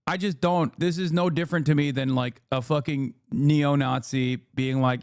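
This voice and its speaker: A man's voice: a little high, fairly even intonation, normal speed, few pauses, a little mellow, clear, resonant tone, dry recording, studio quality. A man reacting to a news clip as a streamer, talking in a heated, sarcastic and profane way. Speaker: streamer commentator.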